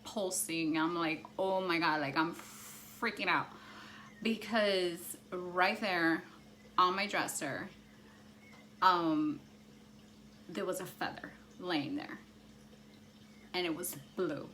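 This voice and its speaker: A woman vlogger telling a personal story in an animated, excitable way, full of "like". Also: on the low side, slow pace, pauses often, a little hiss or hum. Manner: animated, excitable, heavy use of "like".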